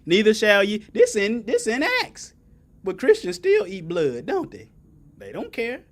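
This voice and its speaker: A man's voice: high-pitched, huge pitch swings, unhurried, a bit bright. A man preaching a sermon in folksy vernacular, asking the congregation for answers and building to emphatic peaks.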